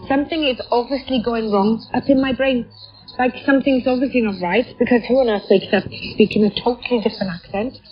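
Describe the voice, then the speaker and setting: A woman with a Welsh accent talks openly in a radio news interview, her voice thick with a heavy cold. She sits a little high in pitch. The sound comes through a muffled shortwave radio broadcast. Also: steady tone, fairly quick. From England.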